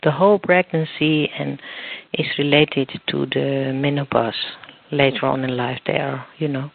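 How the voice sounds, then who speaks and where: Halting man on a tinny phone line. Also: mid-range voice, steady tone, creaky. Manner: halting, searching for words, many restarts. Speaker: guest expert. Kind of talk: phone interview explanation.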